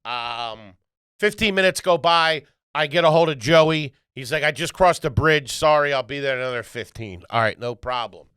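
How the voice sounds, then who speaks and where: A man co-hosting a podcast, telling a profane, animated story full of quoted voices in casual chat. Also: a little high, moderate pace, clean tone, no room sound, clean studio sound. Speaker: podcast co-host.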